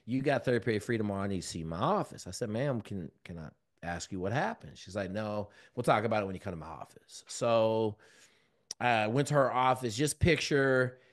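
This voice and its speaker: A man, a guest on an interview show, telling a personal story in casual, slangy speech and acting out the voices of people in it. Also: a little fast. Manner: animated, acts out quoted dialogue with big pitch jumps; colloquial, relaxed slang. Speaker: guest, former Navy SEAL and mentor.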